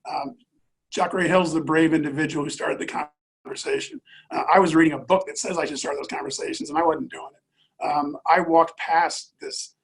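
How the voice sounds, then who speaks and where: A middle-aged man, an airline executive, telling a personal story in an interview in an earnest, halting way with many fillers and restarts. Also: on the high side, lively intonation, gravelly, slightly rough, rough recording.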